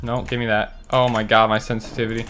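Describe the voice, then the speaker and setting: A man giving running commentary on his own gameplay, muttering to himself and breaking into loud, frustrated outbursts. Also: mid-range voice, level tone, fast talker, slight background noise. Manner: talks to himself while playing. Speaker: gaming channel host.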